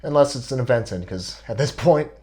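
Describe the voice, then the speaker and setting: Young guy bike vlogger, reads out his argument point by point, steady and deliberate. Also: mid-range voice. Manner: measured, deliberate, builds logical arguments step by step. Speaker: bike video host. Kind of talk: scripted argumentative commentary.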